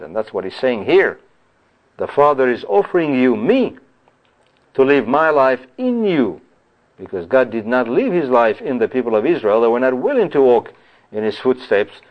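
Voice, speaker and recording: Man, preacher, conversational Bible teaching, medium pitch, slow scripture reading, lo-fi sound. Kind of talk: verse-by-verse Bible teaching sermon.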